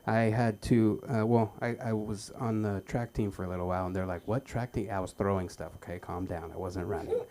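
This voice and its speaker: A man doing stand-up at an open mic, telling childhood stories with stammered starts and loud acted-out quotes. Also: on the low side, little pitch movement, brisk, few pauses. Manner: stammering, acts out shouted quotes. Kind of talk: stand-up storytelling. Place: comedy club stage.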